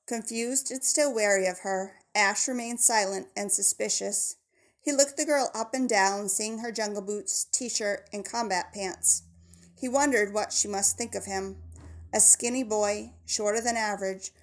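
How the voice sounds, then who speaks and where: Woman audiobook narrator, mid-range pitch, gravelly edge, measured delivery. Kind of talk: scripted narration of a children's novel.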